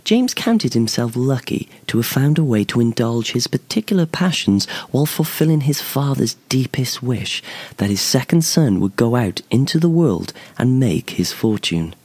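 A man narrating a fantasy short story in a measured, expressive storytelling manner. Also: medium pitch. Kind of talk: scripted narration.

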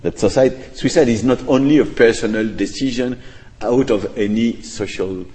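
In an echoey lecture hall, a man with a mellow, medium-pitched voice answers an audience question at a normal speed. His academic English is thoughtful and hesitant, full of hedges and restarts.

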